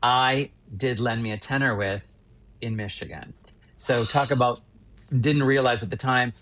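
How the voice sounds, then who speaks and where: A man in his fifties from Western Pennsylvania, a stage actor telling winding, animated anecdotes as a podcast guest. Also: medium pitch, a little slow. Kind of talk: casual interview storytelling.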